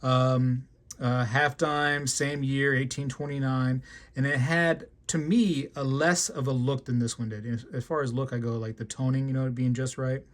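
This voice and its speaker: A man's voice: mid-range voice, little pitch movement, moderate pace. A man hosting a casual show-and-tell video, chatty and enthusiastic, rambling with lots of fillers. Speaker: coin collecting video host.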